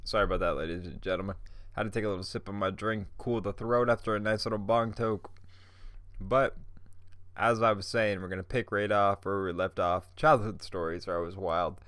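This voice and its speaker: A man's voice: fairly low pitch, steady tone, a little fast, a bit bright, no echo. A man hosting a podcast alone, stoned, rambling in a laid-back, profane way and laughing often. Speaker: podcast host.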